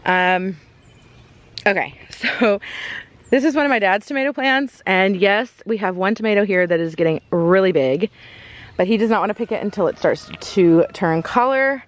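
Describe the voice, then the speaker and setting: A woman's voice: mid-range voice, normal speed. Chatty woman touring her garden. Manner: chatty, rambling, many ums and self-corrections. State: out of breath from walking fast. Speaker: farm vlogger giving a garden tour. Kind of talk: casual walking tour chat. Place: outdoors in a garden.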